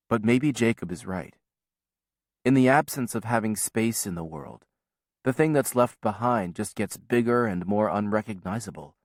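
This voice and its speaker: A man reading a novel aloud as first-person audiobook narration, in a measured, quiet storytelling manner. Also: lowish voice, no echo, studio quality.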